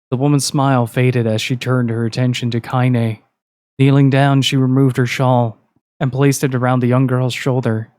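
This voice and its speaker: A man reading a story aloud in a steady, measured narration. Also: mid-range voice, no room sound, clean studio sound.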